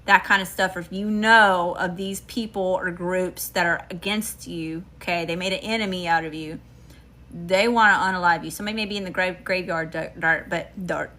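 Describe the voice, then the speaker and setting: With a low, pushed and bright voice, fairly even in intonation, this Mississippi tarot reader moves briskly. Southern-accented and slangy, she reads emphatically for her viewers, tossing in "y'all" and "okay?" often.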